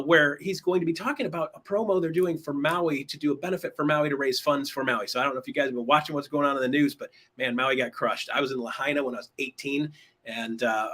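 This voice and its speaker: A man's voice: mid-range voice, sharp tone. A man hosting a weekly online show, chatting in an upbeat, casual way with fillers and restarts. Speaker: host. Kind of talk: casual livestream talk show.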